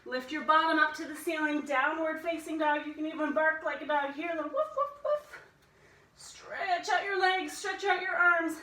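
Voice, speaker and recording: A woman's voice: high voice, a bit bright, echoey room, distant mic, rough recording. A woman instructor guiding a family yoga class, playfully cueing breaths and inviting animal sounds.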